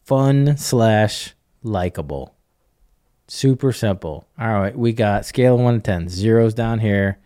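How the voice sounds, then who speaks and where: A middle-aged man coaches in an animated way during a casual podcast conversation, acting out bits of dialogue and chuckling often. His voice is fairly low and his pace measured, with studio-quality sound and no room sound.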